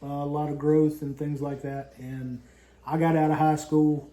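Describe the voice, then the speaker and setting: Fifties man, folksy rambling vlog co-host, high-ish but mellow voice, echoey room. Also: level tone, moderate pace. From southern West Virginia. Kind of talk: casual chat.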